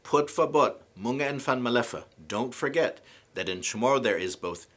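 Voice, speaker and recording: A man giving a scripted language lesson, pronouncing example words slowly and carefully. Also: medium pitch, expressive, a bit bright. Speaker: language teacher.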